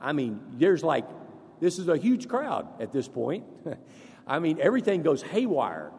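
A man preaching a sermon as pastor, leading the congregation through verses in an animated way. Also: fairly high pitch, a little slow, slightly rough, long reverb tail.

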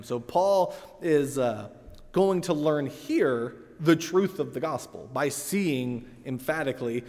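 A man's voice: medium pitch, darkish tone. Man preaching in an echoing hall. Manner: conversational, explanatory, with fillers. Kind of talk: expository sermon.

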